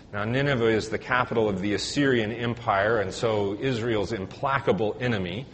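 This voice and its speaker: A male priest giving a conversational sermon, retelling stories in a relaxed way with filler words and dry humor. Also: medium pitch. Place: church. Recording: echoey church hall, faint hiss.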